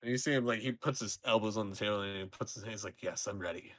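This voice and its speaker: Low-voiced man narrating as game master. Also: fairly even intonation, quick pace, a bit bright. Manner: loose, filler-heavy narration.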